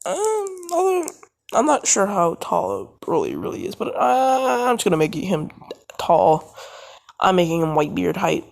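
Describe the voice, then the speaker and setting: A man improvises a fan-made story in a loose, casual way, wandering into profane asides. His delivery is slow and gravelly, and his pitch rises and falls a lot. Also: wildly swooping pitch.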